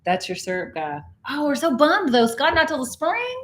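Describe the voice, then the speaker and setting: Middle-aged Texan woman, livestream co-host, chatty, reads viewer comments aloud; higher voice. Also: wildly swooping pitch, moderate pace. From Texas. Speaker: co-host of a cruise channel livestream. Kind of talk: casual livestream chat.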